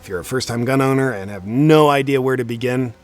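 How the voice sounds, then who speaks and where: A young man hosting a video, delivering a sarcastic comedic monologue in a deadpan, mock-serious way. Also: mid-range voice, fast talker, faint music behind. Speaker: video host.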